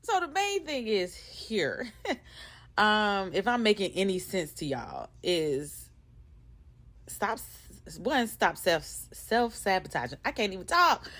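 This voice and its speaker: A woman's voice: medium pitch, big pitch swings, takes it slowly, a bit bright. A woman hosting her own podcast, talking casually and candidly to her listeners, rambling and laughing at herself. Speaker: podcast host. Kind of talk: casual motivational monologue.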